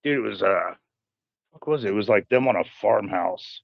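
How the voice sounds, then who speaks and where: A man co-hosting a casual podcast chat, joking excitably and swearing. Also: lowish voice, normal speed, gravelly, no echo. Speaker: podcast co-host. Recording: dull dry lo-fi sound.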